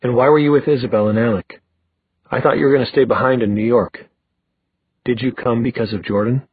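A man with a husky voice playing a steady, tired middle-aged man who speaks firmly and measuredly. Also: medium pitch, no echo, close to an everyday voice. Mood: weary. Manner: firm, measured. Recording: tinny phone-like dry recording.

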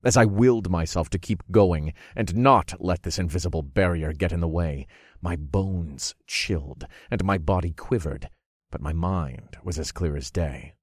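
Casting note: male audiobook narrator, very low voice, dry close sound, dramatic first-person storytelling. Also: normal speed, darkish tone, slightly rough, no echo.

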